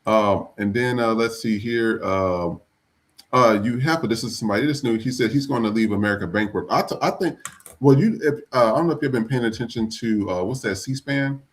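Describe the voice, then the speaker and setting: A man's voice: mid-range voice, brisk. A man hosting a live podcast, talking bluntly and profanely in a rambling, casual way with many restarts. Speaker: podcast host.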